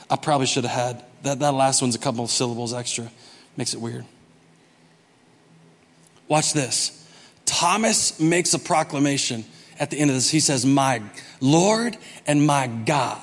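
A man preaching a sermon as pastor, humorous, swinging from soft asides to loud, emphatic bursts. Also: mid-range voice, moderate pace, in a large hall.

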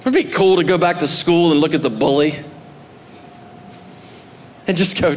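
A male pastor preaching a sermon, animated, swinging between loud emphatic bursts and soft asides. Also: on the high side, normal speed, pauses often, slight background noise. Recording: long hall reverb.

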